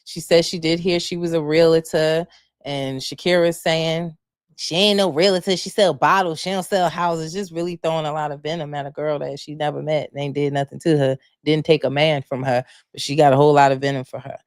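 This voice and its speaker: Woman with spilling reality tv tea on her live show, lowish voice, dry close sound. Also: fairly quick, clear, resonant tone, no echo. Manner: animated, gossipy, rhetorical questions. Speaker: podcast host. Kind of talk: casual live recap chat.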